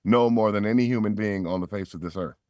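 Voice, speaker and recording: A man's voice: fairly low pitch, fast talker, dark tone, dry recording, studio quality. A middle-aged man, a voice actor, telling stories as a podcast guest and acting out quoted voices with animation. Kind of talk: storytelling in a podcast interview.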